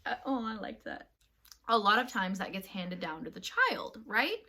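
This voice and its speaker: A woman co-hosting a casual podcast chat, talking in an animated way with frequent fillers and laughs. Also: mid-range voice, normal speed. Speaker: co-host.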